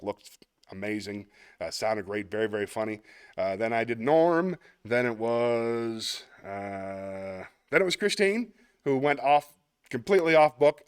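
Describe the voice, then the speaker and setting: A man's voice: medium pitch, smooth, no room sound, clean studio sound. A man hosting a live online show, chatting casually as he reads viewer comments, rambling and laughing often. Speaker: host. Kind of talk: casual live-stream chat reading comments.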